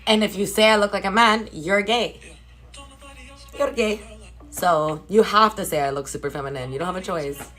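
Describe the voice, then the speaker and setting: A woman live streaming from a hotel room, ranting casually and profanely to her viewers in an incredulous, animated way. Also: mid-range voice, normal speed, soft background music. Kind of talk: casual chat.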